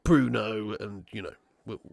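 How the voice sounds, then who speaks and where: Guy streaming footy, buzzing and chatty, bit gravelly and hoarse, dry close sound. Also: lowish voice, unhurried, dry recording. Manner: excitable, chatty, slangy, buzzing with joy. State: voice going hoarse. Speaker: football watch-along streamer. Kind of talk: live stream chat and match reaction.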